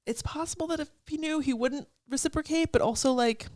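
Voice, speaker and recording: A woman's voice: high-pitched, brisk, darkish tone, no echo. Chatty young woman full of fillers. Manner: chatty, many "like" fillers, laughs and swears. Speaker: podcast co-host. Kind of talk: casual chat analyzing song lyrics.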